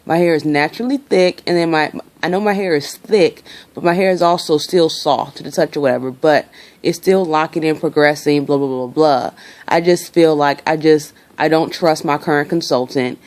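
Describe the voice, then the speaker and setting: A woman's voice: low voice, moderate pace, darkish tone. A young woman venting her frustration in a casual vlog, talking freely and swearing. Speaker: vlogger.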